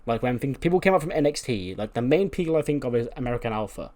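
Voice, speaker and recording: A man's voice: mid-range voice, animated, quick pace, a little mellow. A man narrating a wrestling-management game playthrough in a loose, rambling way. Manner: loose, rambling, many "like"s and restarts. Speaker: let's-play creator.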